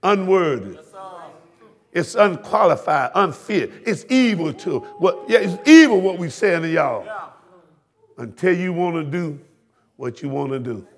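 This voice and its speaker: Male pastor, raised-pitch gravelly tone, fiery sermon delivery in a church. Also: expressive, a little slow. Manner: swings between hushed talk and shouted preaching; repeats lines to the congregation. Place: church sanctuary.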